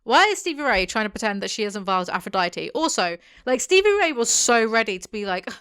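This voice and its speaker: A woman's voice: fairly high pitch, very animated, fast talker, a bit bright, smooth, no room sound. Snarky woman reviewing books, dry sound. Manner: sarcastic, snarky asides. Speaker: book reviewer host. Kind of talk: casual book review commentary.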